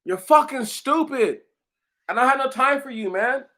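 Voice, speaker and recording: A man's voice: very high voice, animated, normal speed, pushed and bright. A man hosting his own channel, delivering a heated, profane, mocking rant at commenters. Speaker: channel host answering commenters.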